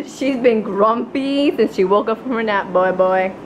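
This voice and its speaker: A young woman talks casually to her handheld camera, bubbly and giggly and quick to gush. Her voice sits a little high. A steady hum of household and traffic noise runs behind her. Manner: bubbly, giggly, easily gushing. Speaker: vlogger. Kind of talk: casual vlog chat. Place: at home, later in a car. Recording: noisy background hum.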